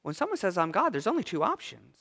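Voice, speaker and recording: A man preaching a sermon as pastor, with dramatic pauses, dropping low and soft on quoted lines. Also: wildly swooping pitch, big-room sound.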